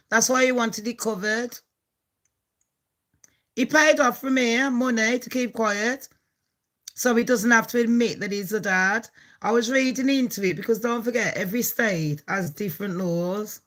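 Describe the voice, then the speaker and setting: Brash foul-mouthed woman with a bright voice. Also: fairly high pitch. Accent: Birmingham. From England. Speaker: gossip channel host. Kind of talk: casual gossip vlog.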